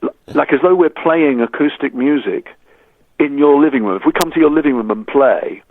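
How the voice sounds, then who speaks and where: A man from England, a musician guest in an interview, telling animated anecdotes, stammering on restarts and acting out the voices of people he quotes. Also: a little high, normal speed, dry recording. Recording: dry, phone-like line.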